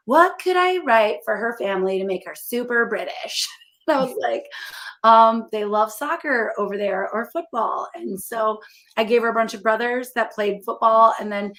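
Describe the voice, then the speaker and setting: A woman's voice: medium pitch, fairly bright tone. A woman in her forties from the American Midwest, an author chatting candidly and self-deprecatingly with lots of fillers. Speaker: author guest. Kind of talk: casual interview chat.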